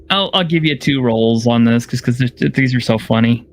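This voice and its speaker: A man running a tabletop game on a stream as game master, casual and chuckling, with halting fillers. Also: mid-range voice, lively intonation.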